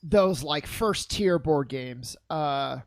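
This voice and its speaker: A young man on a podcast, chatting with a voice that swings widely in pitch and keeps restarting his sentences. He laughs a lot between points. The sound is dry and close. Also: slow, no echo. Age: young adult. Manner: animated, laughs often, stammers on restarts. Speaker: podcast co-host. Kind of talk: casual chat.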